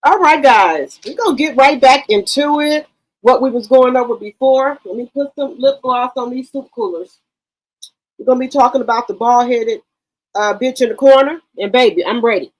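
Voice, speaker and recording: A woman hosts a casual livestream and talks straight to her chat. Her voice sits a little high, and she is brash and loose-mouthed, swearing as she goes. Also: moderate pace, low-quality recording. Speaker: livestream commentary host.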